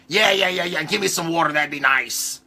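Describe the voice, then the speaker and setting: A gruff, impatient middle-aged writer, recounted by a man in his own voice, snaps out blunt, cursing complaints. The voice sits a little high with a bright, forceful edge. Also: a little fast, exaggerated voice. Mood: curt.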